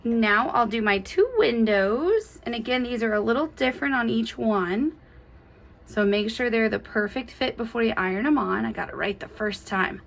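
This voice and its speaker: A woman's voice: on the high side, animated, normal speed, creaky. A woman giving a chatty, enthusiastic step-by-step embroidery tutorial, gushing over cute details. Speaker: embroidery instructor.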